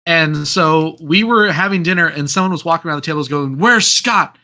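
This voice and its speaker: A man hosting a podcast, telling a story in a lively, casual way and acting out what people said. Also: on the high side, fairly quick. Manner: animated storyteller who acts out quotes. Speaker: podcast host.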